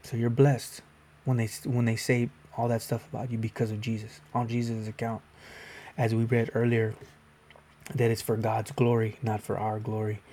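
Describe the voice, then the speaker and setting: A man's voice: medium pitch, completely flat delivery, normal speed, mellow. A man giving a casual Bible devotional video, reading scripture aloud and then explaining it in a conversational way.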